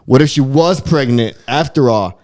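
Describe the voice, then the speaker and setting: A male podcast co-host chatting casually, rambling and animated, with frequent swearing. His voice sits at an ordinary, middling pitch for a man. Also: normal speed. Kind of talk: casual chat.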